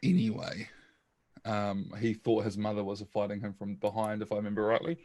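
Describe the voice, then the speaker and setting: A man's voice: lowish voice, level tone, brisk, dark tone. Hesitant man playing a tabletop game. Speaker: player. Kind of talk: casual tabletop play.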